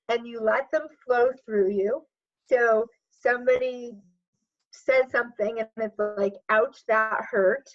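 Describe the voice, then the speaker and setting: A woman coach as a podcast guest, talking earnestly and reflectively in casual conversation, with many "like" and "sort of" fillers. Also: fairly high pitch. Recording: dull lo-fi audio.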